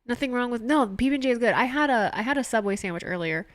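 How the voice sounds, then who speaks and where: A woman's voice: a little high, expressive, fast talker, dry recording. Chatty young woman streamer, dry mic. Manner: chatty, laughs often, reads out chat messages. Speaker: streamer watching a wrestling show. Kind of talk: casual live-stream chat with viewers.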